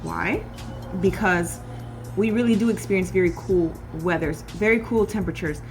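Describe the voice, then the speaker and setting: A woman's voice: fairly low pitch, normal speed, over music. A woman from California chatting casually as she cooks in her home kitchen, often calling her viewers "y'all". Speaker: cooking vlogger. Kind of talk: casual cooking chat.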